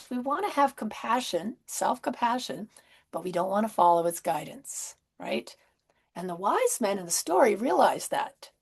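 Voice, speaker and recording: In a mid-range, creaky, husky voice, a woman minister delivers a Christmas sermon. Her manner is gentle and conversational, sprinkled with soft asides and rhetorical questions.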